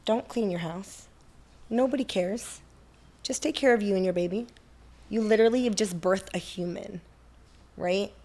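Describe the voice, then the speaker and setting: A woman's voice: medium pitch, moderate pace, pauses often, dark tone. A woman, a mother, giving blunt, playful advice in a casual chat. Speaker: guest mother.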